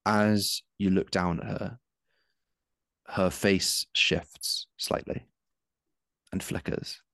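A man's voice: sits low, flat delivery, drawn-out words, creaky, sharp tone, no room sound, studio quality. A man narrating as game master of a tabletop game, describing scenes with frequent ums.

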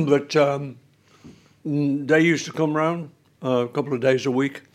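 A man's voice: on the high side, steady tone. Older guy rambling through family stories, lots of um and you know. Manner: rambling, halting anecdotes with many fillers. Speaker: guest. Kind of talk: casual storytelling chat.

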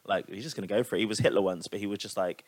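A man in casual chat, animated and teasing, swearing freely as he reacts to his friend. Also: fairly low pitch, rapid-fire, no echo.

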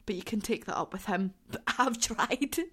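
A young Scottish woman in her twenties talks through a casual solo podcast. Her voice sits at an ordinary middle pitch, and her delivery is chatty and effusive, with the odd casual swear. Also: normal speed, fairly bright tone, breathy edge. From southwest Scotland. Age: 20s. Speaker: podcast host.

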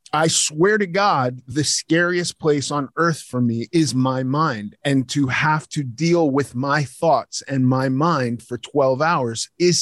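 A man hosts a casual podcast chat and talks openly about his own thoughts. He swears now and then and starts his sentences over. The sound is dry and close, with no room echo. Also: fairly high pitch. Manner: candid, swears casually, halting restarts. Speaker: podcast host.

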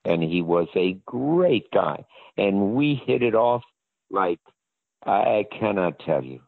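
An older man from the American South, with a very deep, low voice, tells a story in a rambling way, stopping often with fillers and restarts. He is heard over a thin, phone-like line with no room sound at all. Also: sing-song, takes it slowly, creaky, no room sound. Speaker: interview guest. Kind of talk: casual anecdotal storytelling.

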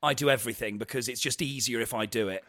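A man chatting casually as a podcast guest, animated and self-mocking with quick asides. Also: medium pitch. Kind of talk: casual chat.

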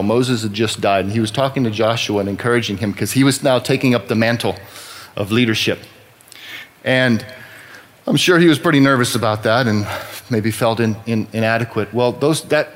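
A man from Texas giving a sermon-style personal testimony in church, talking in a conversational, wry and self-deprecating way. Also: mid-range voice.

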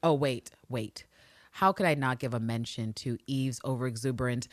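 A woman's voice: extremely low pitch, normal speed, dry recording, studio quality. A woman co-hosting a casual podcast, recapping a TV episode, swearing freely and acting out the characters' lines in voices. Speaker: podcast co-host.

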